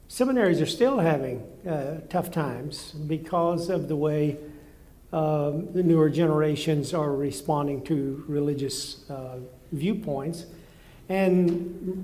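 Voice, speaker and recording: An older man being interviewed on stage, recalling events slowly with many pauses and fillers. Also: a little high, dark tone. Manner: halting, many fillers, reflective. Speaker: former seminary president, guest. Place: studio stage before live audience.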